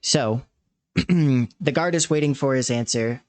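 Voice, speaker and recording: Slow-talking male game master. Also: mid-range voice, no room sound, faint music behind. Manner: slow, measured with many fillers. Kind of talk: narrating a tabletop game.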